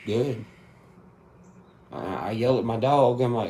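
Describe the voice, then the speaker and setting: A man's voice: medium pitch, lively intonation, slow pace, a little mellow, a little hiss or hum. Angry, swearing man in his thirties. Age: 30s. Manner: angry, profane, venting. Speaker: country rap artist. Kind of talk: spoken rant in a song.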